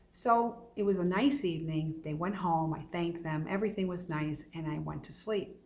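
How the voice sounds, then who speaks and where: A woman's voice: on the low side, moderate pace, a little mellow. Earnest woman telling a personal story. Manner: earnest storytelling, asks and answers her own questions. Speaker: psychic medium. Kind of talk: casual talk to camera.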